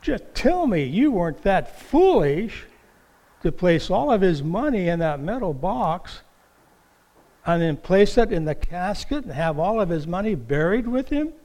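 A male preacher voicing an incredulous woman friend at a funeral, asking slow, disbelieving questions. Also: high voice, big pitch swings, darkish tone, full character voice.

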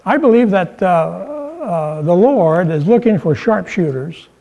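A man delivers a sermon with a fairly high voice for a man. He talks to the congregation in a relaxed, conversational way, telling jokes and raising his pitch whenever he drives a point home. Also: a little slow, gravelly, dull audio. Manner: conversational preaching with humor, voice rising for emphasis. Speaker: pastor.

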